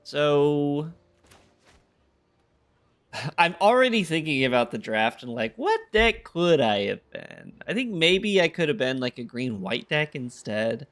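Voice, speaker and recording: Tired gravelly-voiced man talking through a game. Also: a little high, sing-song, takes it slowly, fairly bright tone. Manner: thinking aloud, laid-back, wry. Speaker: gaming content creator. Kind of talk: casual gameplay commentary.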